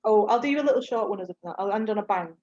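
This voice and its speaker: A woman poet reads her short poems in a steady rhythmic voice, then slips into easy, self-mocking chat. Her pitch sits in the middle for a woman. The recording is dull and lo-fi. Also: racing. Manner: rhythmic poetry reading, chatty and self-mocking in conversation. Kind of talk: reading poems and casual chat.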